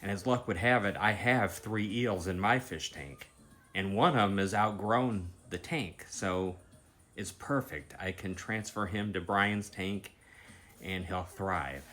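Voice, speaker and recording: A man's voice: low-pitched, unhurried, a bit bright. Rambling man telling a dream story. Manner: rambling, repeats himself, grows more agitated as the story goes on. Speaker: vlogger recounting a dream. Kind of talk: casual storytelling.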